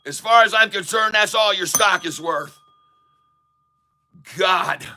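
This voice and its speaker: A man from Ireland hosting a stock market show, ranting furiously and profanely, repeating himself and sometimes shouting. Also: sits high, slow pace, over music. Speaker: stock market video host. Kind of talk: angry ranting market commentary. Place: Dublin, Ireland.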